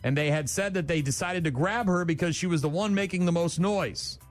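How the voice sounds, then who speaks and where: A man's voice: fairly high pitch, fairly quick, faint music behind. Blunt, scornful male radio host. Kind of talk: morning radio banter, reading news.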